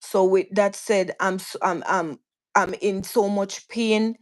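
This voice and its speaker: A woman's voice: medium pitch, fairly even intonation, takes it slowly. A woman with a Jamaican accent, a guest telling her own story in casual talk, earnest and vivid, often restarting and repeating words. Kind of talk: casual storytelling on a live stream.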